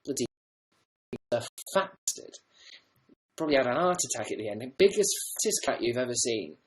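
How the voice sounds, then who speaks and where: Chatty young man with a softened northern English accent. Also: mid-range voice, animated, brisk, pauses often. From northern England. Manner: chatty, rambling, swears casually. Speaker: livestream host. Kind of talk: casual chat reading viewer comments.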